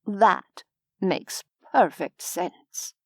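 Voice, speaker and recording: A genteel, courteous gentleman who explains things slowly and formally, as a woman narrator voices him. The voice drops a bit lower and softer than her narration, unhurried and calm. The sound is dry and close. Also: dry recording, full character voice. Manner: measured, formal, gently lecturing. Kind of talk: audiobook character voice.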